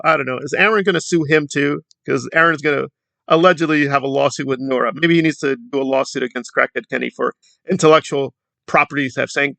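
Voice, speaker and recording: A male commentator talks sarcastically and at ease, with a gravelly, fried edge to a bright, fairly high voice. The sound is close and dry, with no room around it. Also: steady tone, fast talker, dry recording. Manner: sarcastic, mocking, conversational. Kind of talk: commentary vlog.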